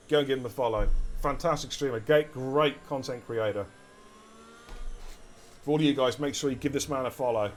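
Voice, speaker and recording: Guy calling a sim race live, hyped and chatty, bit of hiss behind him. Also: medium pitch. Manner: excitable, chatty, addresses chat directly. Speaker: race commentator and streamer. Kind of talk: live esports race commentary.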